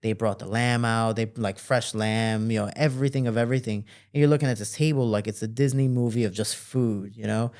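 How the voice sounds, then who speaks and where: Animated male fighter telling a story. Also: medium pitch, brisk, few pauses. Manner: animated, acts out voices in quoted dialogue. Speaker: guest, professional fighter. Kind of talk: casual storytelling.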